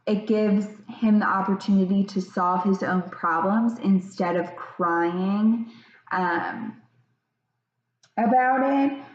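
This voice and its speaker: A woman explaining a parenting idea in an informal, hesitant way, with many fillers and restarts, acting out what a parent might say. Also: medium pitch. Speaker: presenter explaining a parenting concept. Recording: echoey room, slightly dull sound.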